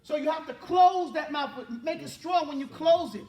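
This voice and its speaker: A man's voice: very high-pitched, darkish tone, distant mic. A man teaching a Quran class, correcting pronunciation and having students repeat sounds after him again and again. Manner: corrective, repeats drills and models sounds slowly. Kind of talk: classroom recitation and pronunciation drill. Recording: echoey classroom from afar with class audible.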